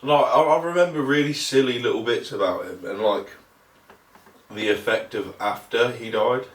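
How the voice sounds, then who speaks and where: A man's voice: medium pitch, moderate pace. A man co-hosting a podcast, chatting casually with short, laid-back replies. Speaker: podcast co-host. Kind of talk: casual chat. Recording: roomy, distant mic with faint noise.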